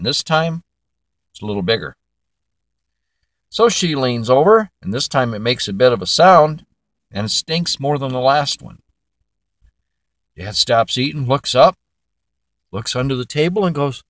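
A man's voice: medium pitch, dry recording, studio quality. Folksy older man telling a joke. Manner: folksy, drawn-out storytelling. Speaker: joke teller.

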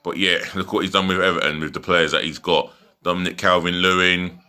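A man's voice: low-pitched, level tone, fairly quick, sharp tone, clear, resonant tone. A man giving a chatty, rambling football match preview from home, full of fillers and restarts. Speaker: football fan vlogger. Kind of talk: casual match preview vlog.

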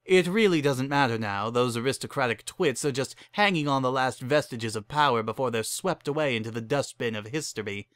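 A man's voice: mid-range voice, fairly quick, hardly any pauses, a bit bright, dry recording, close to an everyday voice. A man voicing an older male aristocrat pony with grand, formal phrasing, in a dramatic story reading. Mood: genial.

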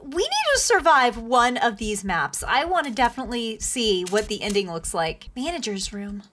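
A woman giving bubbly, excitable commentary while playing a video game, gasping and squealing as she reacts. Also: a little high, moderate pace, slight background noise. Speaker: gaming video host.

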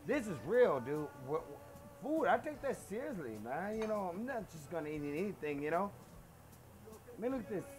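A man's voice: high-pitched, very animated, moderate pace, faint music behind. A middle-aged man, hosting a casual home cooking show in his kitchen, chatty and boastful, dropping phrases as he goes.

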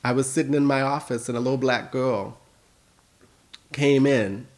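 An American man giving a keynote speech, telling stories with passion and swinging from hushed lines to emphatic ones. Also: mid-range voice, steady tone, moderate pace. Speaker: keynote speaker and school principal.

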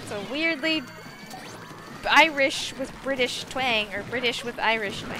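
A woman streaming a game live, chatting casually and reacting excitably to the action. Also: high-pitched, a little slow, loud music behind the voice. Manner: animated, excitable, squeals and laughs at the game.

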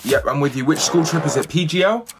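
A man voicing a flat, unbothered emergency call operator, over background music. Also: on the high side, fast talker, background noise, lightly acted. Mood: bored.

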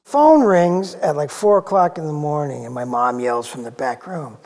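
A middle-aged man, a jazz drummer in a documentary interview, reminiscing in a relaxed, rambling way, full of "you know". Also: a little high, normal speed, hardly any pauses. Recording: long hall reverb.

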